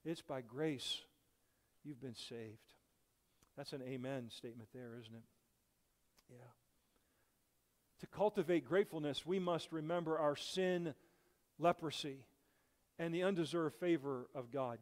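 A man's voice: a little high, a little slow, long pauses. Guest preacher, man, slightly raised voice, earnest sermon delivery, long church echo. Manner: earnest, rising and falling emphasis. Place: church sanctuary.

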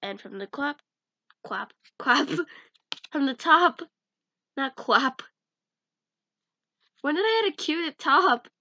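A woman's voice: sits high, big pitch swings, takes it slowly, pauses often, pushed and bright, no echo. A young woman chatting casually in a vlog as she sorts through cards, giggling and mumbling names to herself. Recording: dull lo-fi sound.

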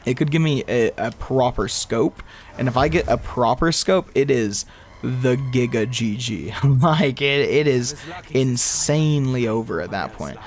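A man's voice: mid-range voice, measured pace, slight background noise. A young man giving rambling live commentary over his own gameplay, talking to himself and breaking into exasperated outbursts. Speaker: gaming video creator.

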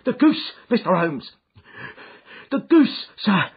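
A man voicing an excitable, flustered doorman who talks in a breathless, stammering rush, in a dull, muffled recording. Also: sits high, takes it slowly, husky, pitched above the performer's own voice, exaggerated voice. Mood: astonished. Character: excitable working-class male doorman, flustered. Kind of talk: audiobook character reading.

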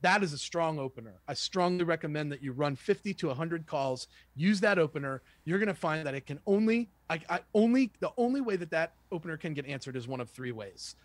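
A man who works as a sales trainer, giving a lively, conversational lesson and acting out sample phone calls. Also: fairly high pitch, brisk, hardly any pauses, no room sound. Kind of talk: casual instructional talk with role-played calls.

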